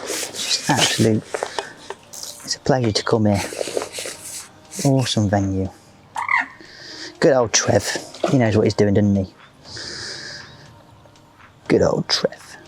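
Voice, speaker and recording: A man's voice: on the low side, unhurried, pauses often, music in the background. A man giving a rambling, casual commentary while fishing outdoors at a lake. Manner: chatty, rambling, leans on fillers like "just". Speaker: match angler presenting the video.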